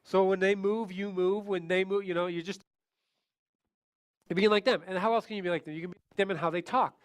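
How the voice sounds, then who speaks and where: A man's voice: high voice, fairly even intonation, brisk. A man leading a sales training seminar. He keeps asking the audience questions and acts out other people's voices to show his points.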